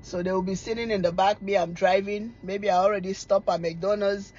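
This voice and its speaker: Husky middle-aged woman. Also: mid-range voice, a little fast, dull audio. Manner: animated storytelling, teasing, laughs often. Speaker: cooking vlogger. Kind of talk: casual chat to camera.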